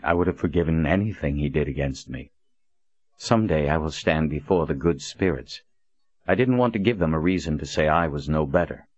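A man voicing an earnest, principled young man who talks in a quiet, sincere way, on a dull, lo-fi recording. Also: a bass voice, normal speed, dry recording.

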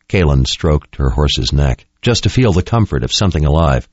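A man reading a fantasy novel aloud in an expressive, dramatic style. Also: rumbling low, moderate pace, few pauses, dry recording. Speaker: audiobook narrator. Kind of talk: scripted narration. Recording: dull lo-fi dry recording.

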